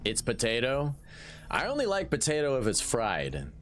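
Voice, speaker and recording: A man streaming a strategy game live, commentating in an excitable, jokey way and often restarting his sentences. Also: mid-range voice, moderate pace. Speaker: gaming streamer.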